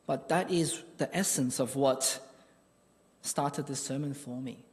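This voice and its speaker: A man's voice: medium pitch, a little slow, darkish tone, long reverb tail. A man preaching a sermon, telling a personal story in an earnest, conversational way.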